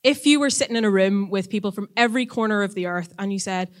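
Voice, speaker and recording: A woman delivers a relaxed, conversational sermon to a church audience, with a mid-range voice. She talks in a chatty, animated way and slips into little voices when she retells stories. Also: mid-range voice, quick pace. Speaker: church teacher.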